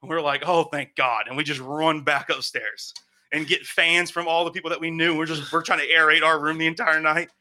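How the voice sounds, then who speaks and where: A young man casually telling a long, animated story, swearing and acting out what people said. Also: on the high side, fairly quick. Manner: animated, swearing, acts out quotes.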